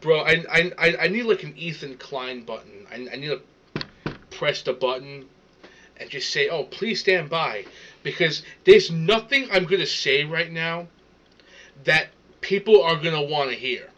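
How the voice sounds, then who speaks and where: A man's voice: a little high, expressive, normal speed, fairly bright tone, lo-fi sound. A man ranting in casual commentary, swearing often and stammering as he repeats words. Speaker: streamer reacting to a video.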